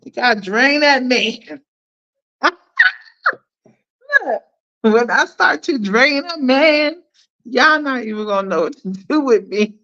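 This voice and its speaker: A woman hosting a casual livestream, playfully chatting with viewers, shouting them out and laughing often. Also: fairly high pitch, expressive, slow, long pauses, muffled recording. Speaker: livestream host.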